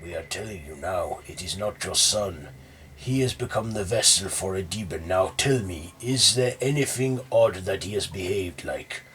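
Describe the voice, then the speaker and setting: A man's voice: sits low, animated, normal speed, a bit bright, a little hiss or hum, poor audio. A man voicing a stern male priest performing an exorcism, firm and commanding.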